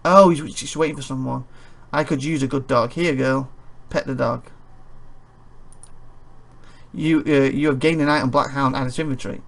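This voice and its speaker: A man's voice: medium pitch, steady tone, normal speed, creaky, long pauses, a bit bright. A tired man playing a game and reading its text aloud, with rambling commentary and chuckling asides. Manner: rambling, chuckling asides between read-out passages. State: tired and yawning. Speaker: let's play host.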